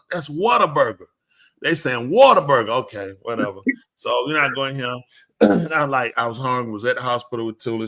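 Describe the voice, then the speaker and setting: Animated man telling stories. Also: medium pitch. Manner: animated, acts out quoted exchanges. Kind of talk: casual storytelling chat. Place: live show studio.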